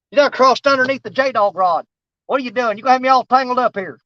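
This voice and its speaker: Fast-talking, with a very high, pushed and bright voice, a man hosts a fishing livestream outdoors on a riverbank. The recording is dry and dull-sounding. He rambles casually to viewers and keeps teasing the fish.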